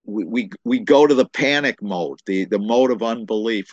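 A man's voice: lowish voice, normal speed, darkish tone, dry recording, highs cut off. A man preaching a sermon, emphatic and repetitive, quoting scripture and often restarting his phrases.

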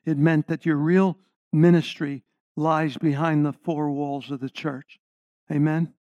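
A man's voice: on the high side, warm tone, no room sound. A middle-aged man preaching a sermon, stressing key words and putting questions to the congregation. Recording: slightly dull lo-fi sound.

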